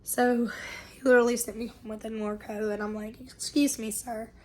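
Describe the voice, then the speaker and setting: A young woman, sick with bronchitis, telling viewers a long story in an animated, exasperated way. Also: fairly high pitch, a little fast, a little hiss or hum. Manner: animated retelling, exasperated asides. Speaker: family vlogger.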